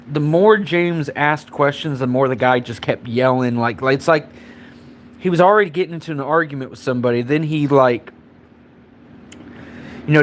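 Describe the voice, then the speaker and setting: A man's voice: fairly high pitch, a little hiss or hum. A man on a live stream telling a story in a rambling, casual way, swearing freely and filling his sentences with "you know" and "like". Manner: rambling and profane, heavy on fillers.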